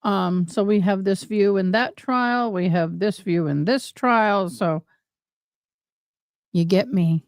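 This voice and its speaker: Woman host, casual rambling live-stream chat, unhurried, dead-dry sound. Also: mid-range voice, dry recording. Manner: chatty and rambling, addresses viewers as y'all. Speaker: livestream host commenting on court trials.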